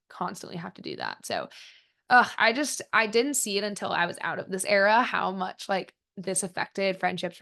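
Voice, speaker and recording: Here a podcast host in her twenties talks alone on her show in a mid-range, fairly bright voice. She's relaxed and frank about herself, peppering her speech with "like."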